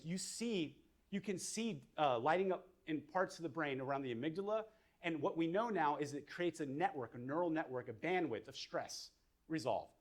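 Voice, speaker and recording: Fairly high-voiced male counselor, relaxed lecture style, talks through ideas as he sketches. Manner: casual, thinking aloud with fillers. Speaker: mental health counselor. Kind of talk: whiteboard lecture.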